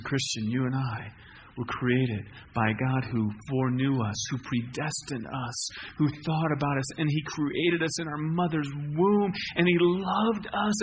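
A man preaching a sermon in an emphatic way, rising to loud peaks then dropping quiet. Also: medium pitch, slight background noise.

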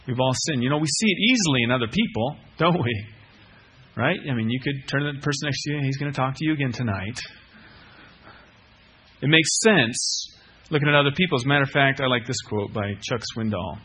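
A man's voice: mid-range voice, fairly quick, bright, forceful tone, husky. A middle-aged man preaching a sermon, earnest, repeating key phrases and putting questions to the listeners. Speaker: pastor.

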